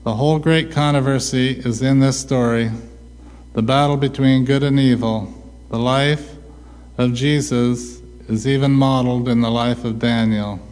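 A man preaching a sermon, asking rhetorical questions and answering them himself with a slow, deliberate delivery. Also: mid-range voice, steady tone, darkish tone. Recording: long hall reverb.

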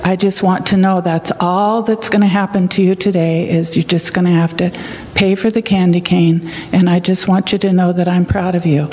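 A woman's voice: lowish voice, level tone, moderate pace, close to an everyday voice. A woman voicing a kind female store manager praising a boy, in an echoey hall. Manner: warm, approving.

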